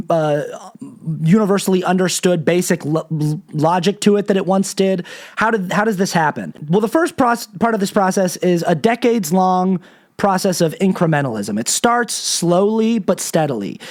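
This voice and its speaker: High-voiced man, sarcastic political commentary. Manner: profane, sarcastic, animated retelling. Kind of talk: monologue commentary.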